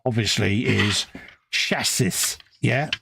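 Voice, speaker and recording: A man's voice: fairly low pitch, takes it slowly, vocal fry, bright, forceful tone, slightly rough, no echo. A British man co-hosting a laid-back, teasing chat while he builds a model. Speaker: co-host.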